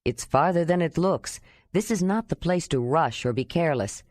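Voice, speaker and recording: A woman voicing a steady, practical young man who guides and reassures, pitched lower than her own voice. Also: normal speed, no echo. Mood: careful.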